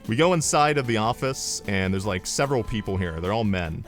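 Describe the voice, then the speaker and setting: A male streamer telling a comedic story in a rambling, animated way with deadpan asides. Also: fairly low pitch, fast, hardly any pauses, faint music behind.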